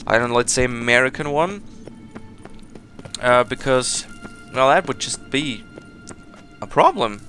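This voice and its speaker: A man's voice: mid-range voice, expressive, measured pace, pauses often, fairly bright tone, soft background music. A man giving casual let's play commentary as he plays, chatty and rambling, often laughing at himself. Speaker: gameplay commentator.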